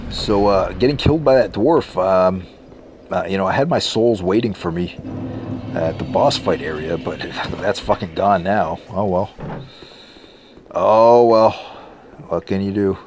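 Deep-voiced, cursing young gamer with a cracking voice. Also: male voice, moderate pace, slight background noise. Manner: profane, exasperated, sarcastic. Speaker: let's play gamer. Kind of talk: gameplay commentary. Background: game music.

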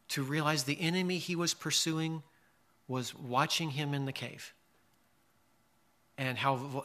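A male pastor preaching a sermon earnestly, with rising emphasis and slow, drawn-out scripture quotes. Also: mid-range voice, bright, forceful tone.

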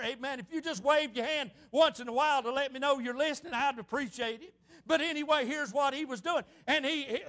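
A man pastor delivers an impassioned sermon in a church, his voice pitched unusually high for a man. He presses each point with frequent amens. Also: sharp tone. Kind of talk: fervent sermon.

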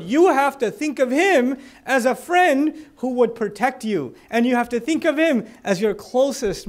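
A man giving a conversational religious lecture, explaining verses with joking asides and acted-out little dialogues. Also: very high voice. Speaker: Islamic speaker.

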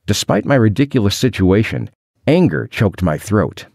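Expressive man reading an adventure audiobook. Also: lowish voice, moderate pace, no echo, clean studio sound. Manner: wry, expressive storytelling. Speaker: audiobook narrator. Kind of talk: scripted first-person audiobook narration.

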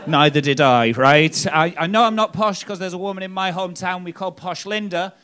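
A man's voice: high voice, fairly quick, fairly bright tone, smooth. A man from northeast England with a Hartlepool accent, doing a cheeky, sweary live stand-up set and tagging jokes with "right?". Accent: northern English, Hartlepool. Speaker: stand-up comedian. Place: comedy club stage.

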